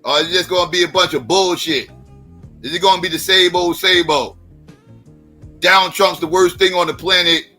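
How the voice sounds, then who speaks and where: A man hosting a live stream, talking bluntly and with plenty of profanity as he presses his audience for answers. His voice is bright and forceful, a little higher than most men's. Faint music plays underneath. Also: fairly even intonation, moderate pace, long pauses. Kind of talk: casual livestream talk.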